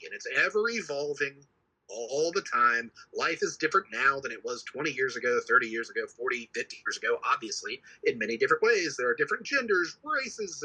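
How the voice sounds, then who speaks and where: A man with a very bright, edgy voice and a husky grain, talking fast and heatedly as a podcast co-host. He swears freely and circles back over his points, his pitch sitting a little high. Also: rough recording. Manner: heated, swears often, repeats himself. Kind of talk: casual chat.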